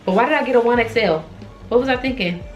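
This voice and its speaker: A young woman talks casually to her viewers while trying on clothes. Her voice sits a little high and stays expressive, full of exclamations. Faint music plays in the background. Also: fast, dull audio. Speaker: fashion vlogger. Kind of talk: casual try-on haul chat.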